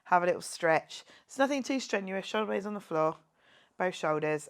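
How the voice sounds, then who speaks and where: A woman fitness instructor with a fairly low, animated voice leads a guided workout class at a moderate pace. She plays and jokes around, counting reps aloud and cheering her viewers on.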